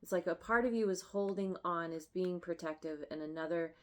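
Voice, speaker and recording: A woman giving a tarot reading, emotional and effusive, often halting and restarting her sentences. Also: on the low side. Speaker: tarot reader.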